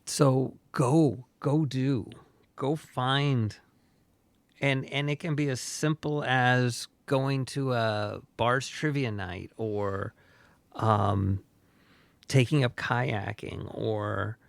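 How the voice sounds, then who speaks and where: A man's voice: mid-range voice, fairly even intonation, drawn-out words, vocal fry, dry recording. A man co-hosting a friendship podcast, talking casually and rambling with lots of fillers and restarts. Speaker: podcast co-host. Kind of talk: casual chat.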